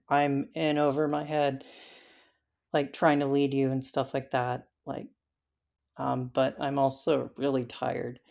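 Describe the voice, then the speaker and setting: A woman as an interview guest, telling her story in a halting way with frequent fillers. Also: sits low, gravelly, darkish tone. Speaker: interview guest recounting a hike.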